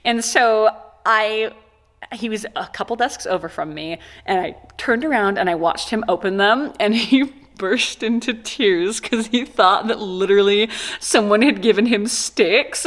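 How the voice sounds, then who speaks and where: A woman's voice: fairly high pitch, normal speed, a bit bright. A woman chatting casually in a vlog while unboxing gifts, gushing and exclaiming with delight, recorded on a camera-mounted mic. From USA. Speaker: small business owner unboxing gifts. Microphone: microphone mounted on the camera.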